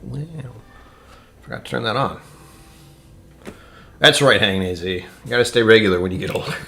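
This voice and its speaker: Man, low voice, casual live-stream host, jokey, rambling, reads chat aloud. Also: normal speed, creaky, bright, forceful tone. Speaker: whiskey tasting streamer.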